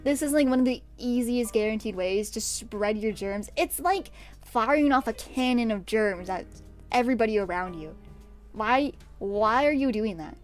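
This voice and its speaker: A woman's voice: fairly high pitch, expressive, normal speed, soft background music. A young woman streamer from America chatting casually, rambling and getting exasperated with bursts of laughter. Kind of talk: casual stream chat ranking pet peeves.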